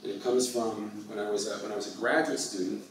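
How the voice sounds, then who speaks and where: A man giving a university lecture, speaking slowly and often mixing in halting Russian with many fillers. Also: on the low side, steady tone, a little hiss or hum. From United States. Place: lecture hall. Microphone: far from the mic. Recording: distant echoey lecture hall.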